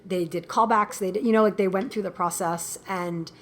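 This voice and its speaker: Animated woman telling stories in chat. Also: medium pitch, normal speed, a little hiss or hum. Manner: animated storyteller, laughs often, acts out quotes. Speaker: guest filmmaker. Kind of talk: casual interview chat.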